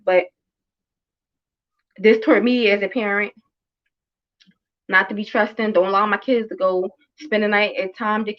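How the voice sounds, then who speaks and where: A woman's voice: on the high side, highs cut off. A woman around thirty, a mother and show host, telling a story in casual chat with blunt, emphatic and heavily profane talk. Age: about 30.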